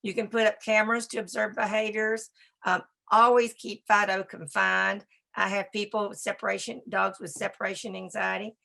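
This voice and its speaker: A woman giving a presentation on dog behavior, talking in a brisk, emphatic and conversational way. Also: medium pitch, level tone, gravelly, pushed and bright. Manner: talks to a slide assistant. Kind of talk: presentation lecture.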